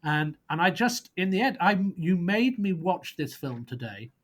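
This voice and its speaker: A man with a fairly high voice talks in a loose, rambling way, often pausing to hunt for the right word. When he lands a point, it comes out blunt and dismissive. He sounds like a guest arguing his side on a podcast. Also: very animated. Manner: rambling, searches for words, blunt and scornful verdicts. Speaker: guest prosecutor on a film podcast. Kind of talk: casual podcast debate.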